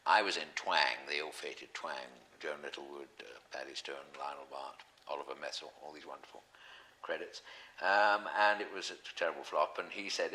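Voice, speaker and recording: A man's voice: low voice, moderate pace, sharp tone, rough recording. A man, chatting as an interview guest, rambling with frequent ums and self-corrections. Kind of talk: relaxed anecdotal chat.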